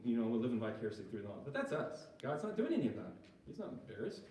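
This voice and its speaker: In an echoey church hall, captured by a distant mic with a little hiss or hum, a man delivers an informal sermon to a recovery group. His medium-pitched, warm voice is very animated and fast, and his manner is conversational as he often checks in with the room.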